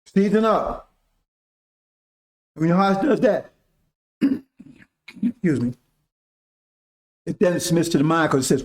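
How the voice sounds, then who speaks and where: A man's voice: a little high, moderate pace, pauses often. Emphatic man preaching in casual slang. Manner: emphatic, repetitive, keeps asking "See?". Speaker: religious teacher. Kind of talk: informal preaching to followers.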